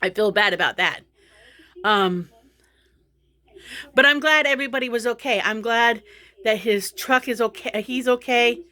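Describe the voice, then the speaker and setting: Middle-aged woman vlogger, slightly high voice, rambling, laughs things off. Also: a little slow, long pauses, sharp tone. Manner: rambling, laughs through her frustration. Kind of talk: casual vlog chat.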